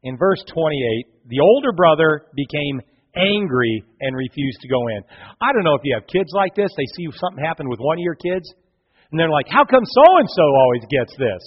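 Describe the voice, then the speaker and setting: A male pastor preaching a sermon, telling a story with passion and big swings from loud to quiet. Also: a little high, expressive, brisk, breathy edge. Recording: long hall reverb, dull lo-fi sound.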